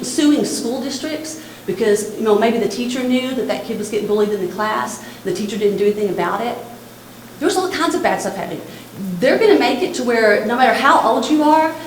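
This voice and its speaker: A middle-aged woman with a Texan accent talks to young people in an earnest, repetitive, direct way, her voice set a little high. She is recorded in an echoey church hall with faint room ambience. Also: a little hiss or hum. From Texas. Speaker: suicide prevention speaker. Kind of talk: talk to church students.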